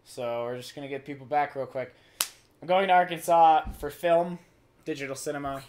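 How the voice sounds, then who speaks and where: A hoarse young man in his late teens tosses quick jokes into a casual livestream chat. His voice sits a little high, with a faint hiss of noise behind it. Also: a little mellow. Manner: jokey interjections. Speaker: co-host.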